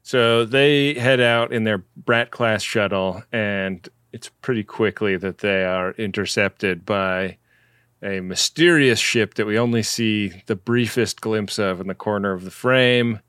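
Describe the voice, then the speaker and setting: A man's voice: fairly low pitch, measured pace, fairly bright tone, clear, resonant tone, dry recording, studio quality. A man co-hosting a podcast, casually summarizing the plot and laughing often. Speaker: podcast co-host. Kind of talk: casual chat.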